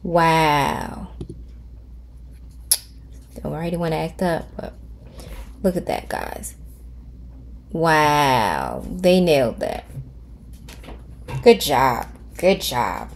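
A woman's voice: low voice, sing-song, extremely slow, vocal fry, long pauses, a little hiss or hum. A middle-aged woman hosting a casual screen-recorded tutorial from home, chatting with viewers and thinking aloud as she types. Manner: chatty, talks to viewers as "y'all"; thinks aloud while typing prompts. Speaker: tutorial host.

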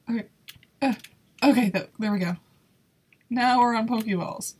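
A woman's voice: on the high side, slow, long pauses, darkish tone, a little hiss or hum. A woman giving casual gameplay commentary in a nervous, exclaiming way, laughing often. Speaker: YouTuber playing a video game.

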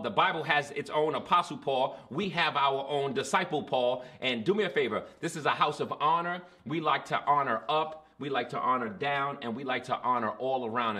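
A man's voice: medium pitch, pushed and bright. Upbeat male pastor. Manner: encouraging, upbeat. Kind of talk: introducing a speaker. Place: church service.

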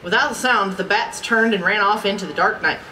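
A woman reading a children's storybook aloud in an expressive, amused manner. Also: medium pitch, brisk. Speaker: storybook reader. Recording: distant mic with background noise.

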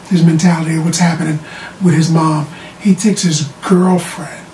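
A TV show reviewer giving a casual, animated episode recap, often repeating words as they restart sentences. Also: mid-range voice. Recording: roomy sound from a distant mic with faint background noise.

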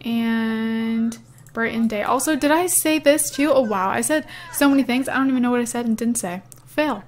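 A young woman with a fairly high voice chats through a let's-play of a simulation game. She is casual and giggly, filling her talk with "um" and "like". She comments easily on each move as she plays. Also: normal speed, slight background noise. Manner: chatty and giggly, with frequent "um" and "like". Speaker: gaming YouTuber.

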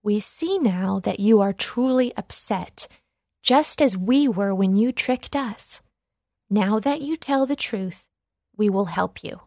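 A woman's voice: mid-range voice, expressive, a little mellow, no echo, clean studio sound. A woman voicing firm, kind villagers. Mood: forgiving. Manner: firm, measured, admonishing. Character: kind village elders, gently scolding.

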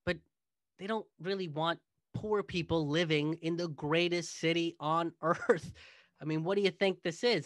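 A man's voice: on the high side, normal speed, a bit bright, no room sound, clean studio sound. A male comedian hosting his show, delivering a sarcastic comedic monologue. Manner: sarcastic, mocking. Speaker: comedian host.

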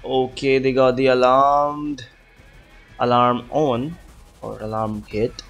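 A man's voice: mid-range voice, steady tone, takes it slowly, fairly bright tone, faint music behind. A man giving casual gameplay commentary, chatty and muttering to himself, swearing often, and putting on an accent for fun. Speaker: gaming video creator.

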